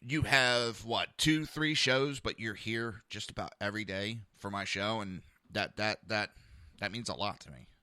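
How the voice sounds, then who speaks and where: Sharp-voiced profane ranting podcast host. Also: male voice, lowish voice, normal speed, no echo. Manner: blunt, profane and sarcastic ranting; talks to listeners in a live chat. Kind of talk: live political commentary podcast.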